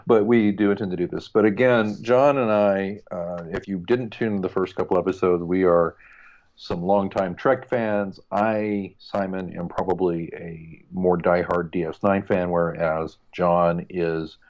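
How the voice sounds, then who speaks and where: A man's voice: low-pitched, fairly even intonation, a little slow, darkish tone, dull audio. A man co-hosting a podcast in casual chat, joking and rambling with asides. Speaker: podcast co-host.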